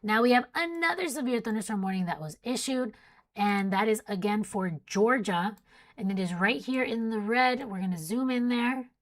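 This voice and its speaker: A young woman with a fairly high voice hosts a casual weather livestream at normal speed, sleepy and yawning. She reads storm warnings aloud, then chats and jokes with viewers.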